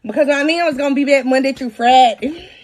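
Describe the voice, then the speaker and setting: A woman in her thirties, casually telling a story to her audience, animated, with her voice swinging from low mutters to loud outbursts. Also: a little fast. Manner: talks to her audience directly. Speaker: storytelling podcast host.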